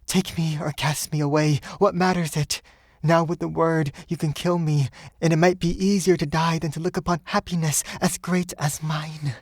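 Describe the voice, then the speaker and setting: A man's voice: on the high side, fairly even intonation, normal speed, dry recording, clean studio sound, voice pushed up, close to an everyday voice. A man voicing a pleading young woman in love.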